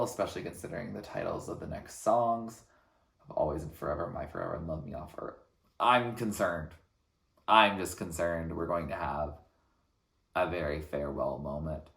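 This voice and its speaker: A man reacting to an album track by track, talking in an earnest, thoughtful way with frequent pauses between phrases. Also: low-pitched, creaky, fairly bright tone, echoey room. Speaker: music reaction channel host. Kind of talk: reflective album reaction commentary.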